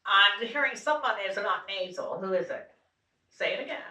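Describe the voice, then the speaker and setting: A woman with a medium-pitched, expressive voice speaks at a moderate pace over a loud crowd, leading a group vocal exercise at a church retreat. She's playful, laughs often, and sounds congested from allergies as she talks casually to the group. A distant room mic picks her up in an echoey church room.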